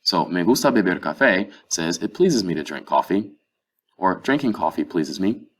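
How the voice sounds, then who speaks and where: A man with a very low, deep voice teaches a language lesson. He explains things patiently and step by step, working through example phrases. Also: big pitch swings, normal speed. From North Carolina, USA. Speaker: Spanish teacher.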